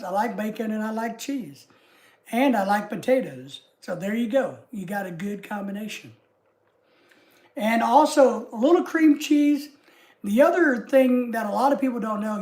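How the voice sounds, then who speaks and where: Her voice is on the high side with a darkish tone, and she speaks with a Southern US accent. As a livestream host, she chats easily with viewers in a rambling, homey manner, full of asides.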